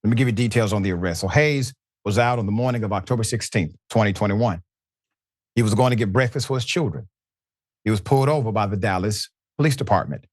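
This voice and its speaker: A man's voice: fairly low pitch, dry recording, clean studio sound. Emphatic man hosting news commentary. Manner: dramatic, emphatic delivery with pauses. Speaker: news commentary show host.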